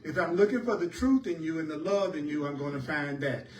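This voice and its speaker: Male spiritual teacher, fairly high voice, repetitive emphatic delivery, echoey room, recorded off-mic. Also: brisk, a little hiss or hum. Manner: repetitive, emphatic, preacher-like cadence. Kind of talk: spiritual teaching talk to a class. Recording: echoey room heard from a distance.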